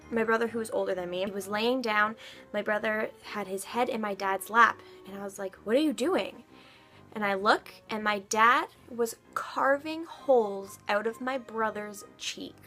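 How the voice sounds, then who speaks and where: A woman's voice: a little high, a bit bright. A woman in her twenties chatting to camera as a vlogger, telling stories casually, giggling and swearing now and then. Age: 20s.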